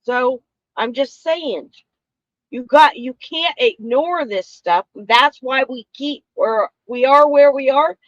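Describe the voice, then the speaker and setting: A woman's voice: sits high, slow pace, no echo, muffled recording. A woman co-hosting a casual political chat, talking emphatically and repeating herself for stress. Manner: emphatic, insistent, repeats phrases. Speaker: co-host.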